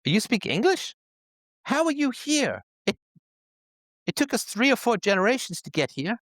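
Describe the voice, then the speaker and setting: A man's voice: very high-pitched, big pitch swings, moderate pace, fairly bright tone, no echo, studio quality, pitched above the performer's own voice, full character voice. A man voicing a flabbergasted male space traveler who stammers in disbelief. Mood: incredulous. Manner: incredulous, stammering.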